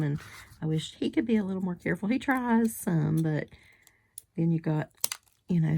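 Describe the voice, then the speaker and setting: Woman vlogging her card crafting, gravelly and dark-toned, rambling chatty talk with whispered asides, getting over a cold. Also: low voice, a little hiss or hum. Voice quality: whiny-sounding. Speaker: crafting vlogger making cards. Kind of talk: casual chat while crafting.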